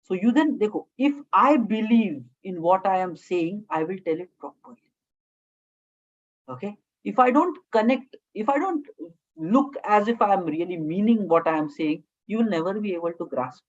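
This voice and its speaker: Lecturing a class on communication skills, a woman with an Indian English accent talks at a normal speed in a mid-range voice with lively intonation. She keeps her phrases short, checks in with "okay?" frequently, and weaves in Hindi words. The recording is muffled.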